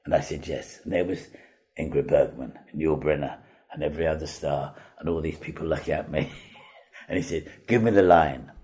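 An older man, an actor, telling anecdotes in an interview, chatty and animated, acting out the voices of the people in his stories. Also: rumbling low, brisk, slightly rough. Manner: chatty raconteur, acts out quoted voices, laughs at own stories. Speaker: comedy actor guest.

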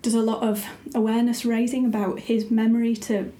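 A woman talks casually about her writing and editing, pausing often with little ums as she gathers her thoughts. Her voice sits slightly high and sounds mellow and warm. The room around her rings with echo. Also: flat delivery. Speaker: writer and anthology editor. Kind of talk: casual conversation.

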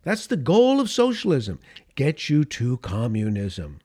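A man, middle-aged or older, delivering an opinion monologue as a political commentator, emphatic, repeating key phrases for stress and dropping into soft asides. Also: mid-range voice, wildly swooping pitch, unhurried, husky.

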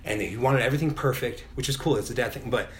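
Fast-talking middle-aged man, candid storyteller. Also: mid-range voice. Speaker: podcast guest. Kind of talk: casual podcast chat.

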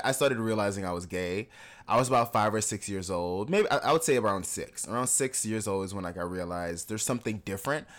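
A young adult man co-hosting a podcast, telling candid personal stories in casual conversation and laughing often. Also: on the low side. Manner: candid, laughs often, animated when acting out others. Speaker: podcast co-host.

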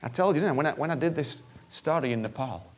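A man's voice: on the high side, animated, quick pace. A male preacher giving an earnest, conversational sermon that often repeats phrases for emphasis.

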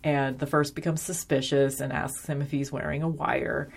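Low-voiced woman recapping casually. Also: flat delivery, normal speed, creaky, breathy edge. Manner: chatty, frequent ums and likes, wry asides. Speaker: episode reviewer.

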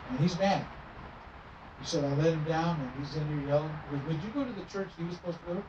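A man's voice: on the high side, fast. Man, middle-aged, traveling minister, storytelling sermon, acts out dialogue, far from mic, roomy, noisy. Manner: animated storytelling, acting out dialogue. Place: church sanctuary. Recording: roomy, distant, muffled with noise.

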